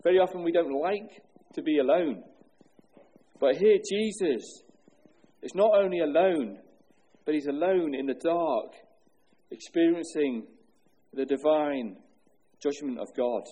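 A man preaching an earnest sermon as pastor, asking rhetorical questions and dropping low and slow on solemn words. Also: warm tone, slightly rough.

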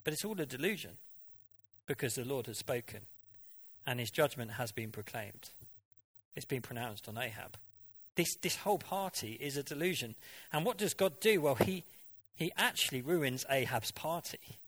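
A man's voice: mid-range voice, lively intonation, normal speed, fairly bright tone, husky. A man preaching a sermon in a conversational way, often asking the congregation questions and now and then mimicking voices for effect.

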